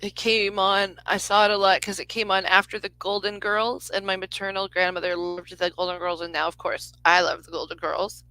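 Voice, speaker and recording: A woman's voice: medium pitch, level tone, normal speed, few pauses, bright, forceful tone, clean tone, dry recording, low-quality recording. A woman in her forties giving a live psychic reading to a caller, rambling and interrupting herself with lots of fillers. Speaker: psychic reader. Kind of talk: live reading on a phone call.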